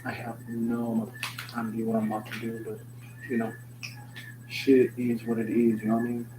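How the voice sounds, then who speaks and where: A man's voice: mid-range voice, completely flat delivery, moderate pace. A young man rambling through a joking, slangy, stream-of-consciousness vlog with loose swearing. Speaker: vlogger. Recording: noticeable background hum.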